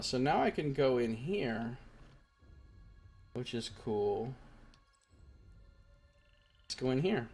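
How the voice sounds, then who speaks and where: A man giving casual, chatty commentary while streaming a video game, thinking out loud as he plays. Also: mid-range voice, big pitch swings, slow pace, long pauses, breathy edge. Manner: chatty, thinks aloud, reads game text.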